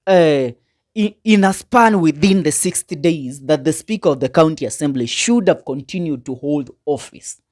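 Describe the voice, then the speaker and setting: A woman's voice: deep voice, mellow. A woman commentator reading out and explaining legal text to viewers, emphatic, asking rhetorical questions. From Kenya. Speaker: political commentator.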